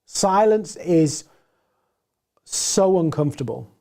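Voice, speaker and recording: A man with a gruff, hoarse voice presenting a live webinar, animated and deliberate, moving between loud points and quiet pauses. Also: fairly high pitch. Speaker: webinar presenter and sales trainer.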